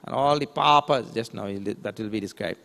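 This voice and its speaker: A man's voice: mid-range voice, creaky, fairly bright tone. A man, a swami, giving a spiritual lecture, explaining scripture terms and asking rhetorical questions. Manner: recites verses in a slow chant. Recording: long hall reverb.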